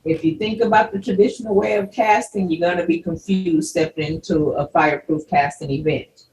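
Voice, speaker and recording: Pria yang jauh dari mikrofon di ruangan bergema. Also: male voice, high-pitched, steady tone, brisk, a little mellow. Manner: explains at length with many restarts. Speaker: guest from a film company. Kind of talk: casual interview. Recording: roomy, distant from the mic, faint noise.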